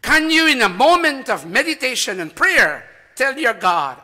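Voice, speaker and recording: A man's voice: sits high, very animated, a little slow. Impassioned man preaching a sermon. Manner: impassioned, with dramatic swings between loud and hushed; asks many rhetorical questions. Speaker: spiritual teacher. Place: house of worship.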